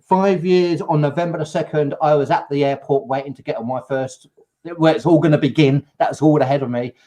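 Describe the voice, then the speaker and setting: A man from England hosting a casual live show, spinning a lively story and putting on the voices of the people in it. His voice sits a little high for a man. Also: a little fast. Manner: animated, acts out quotes. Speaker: host.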